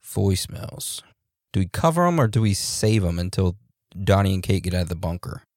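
A man co-hosting a podcast in a relaxed, joking way, reading out listener reviews with loose fillers and laughs. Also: deep voice, brisk, no room sound, studio quality. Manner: laid-back, laughs and jokes, loose fillers. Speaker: podcast co-host.

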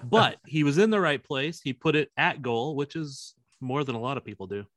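A man's voice: medium pitch, moderate pace, fairly bright tone. A man co-hosting a casual sports podcast, teasing his co-host with wry banter.

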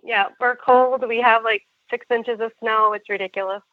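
A woman's voice: a little high, steady tone, moderate pace, no room sound, phone-quality sound. A woman from Vermont calling in to a radio show, friendly and giggly. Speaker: caller. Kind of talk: casual phone call.

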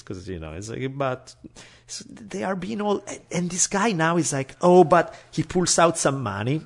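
A man's voice: on the high side, normal speed, gravelly. A man telling a personal story in casual chat, acting out the people he quotes. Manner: animated, acts out quoted voices.

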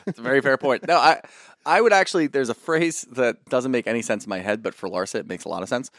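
A man's voice: medium pitch, quick pace, fairly bright tone, dry recording. Joking, conversational man on a dry mic. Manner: joking, conversational, mildly puzzled. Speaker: podcast co-host. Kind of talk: casual recap chat.

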